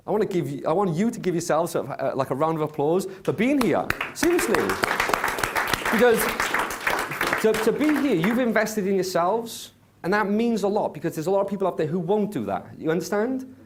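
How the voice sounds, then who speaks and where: A man hosting a live workshop, telling a story to a room of attendees in an animated way, swearing and acting out what others said. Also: high-pitched. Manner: animated, swearing, acts out quotes. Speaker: workshop host. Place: conference room with audience.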